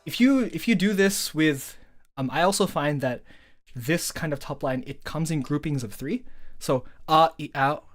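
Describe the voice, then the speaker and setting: A woman's voice: sits low, moderate pace, soft background music. Chatty songwriter woman sounding out vowels. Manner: enthusiastic, filler-heavy, sings vowel patterns to demonstrate. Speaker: songwriter explaining her song. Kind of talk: casual breakdown stream.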